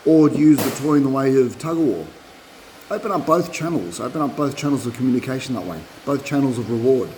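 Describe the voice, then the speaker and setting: Male dog trainer, middle-aged, mellow-toned, animated and repetitive, recorded on a propped-up phone. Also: medium pitch, fast, slight background noise, low-quality recording. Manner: animated, repeats himself, acts out dog voices. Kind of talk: casual instructional talk.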